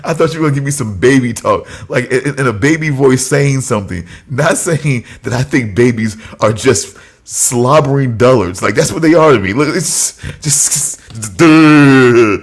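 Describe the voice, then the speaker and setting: A man on a casual podcast chat, his voice sitting in an ordinary middle pitch. He laughs often and slips into mock-stern scolding of a friend. The talk is loose and playful. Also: animated, moderate pace, slightly rough. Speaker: podcast co-host.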